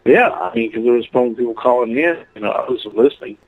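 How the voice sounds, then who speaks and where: A man's voice: medium pitch, fast talker. A male caller from Oklahoma chatting casually and rambling, with lots of fillers, over a phone line. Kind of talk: casual call-in chat.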